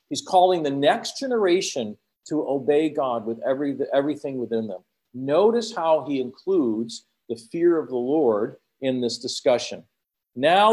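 A man preaching a sermon, chatty in his asides and booming as he quotes scripture. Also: a little mellow.

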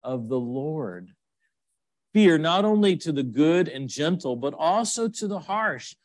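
A middle-aged male pastor preaching a sermon in an emotional, rambling way, with frequent restarts and sudden jumps up and down in pitch. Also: sing-song, a little slow, dry recording, clean studio sound.

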